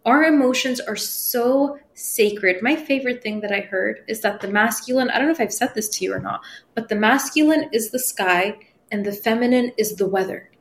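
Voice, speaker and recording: Expressive higher-voiced woman, podcast guest. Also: moderate pace. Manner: expressive, acts out her inner dialogue, swears casually. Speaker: spiritual medium and guest. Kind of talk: casual podcast conversation.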